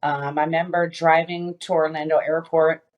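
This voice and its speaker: A woman with a fairly low voice speaks as a podcast guest, telling a personal story. She talks haltingly, with frequent "um"s and restarts, as she recounts what happened. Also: level tone, highs cut off. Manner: halting, many fillers and restarts.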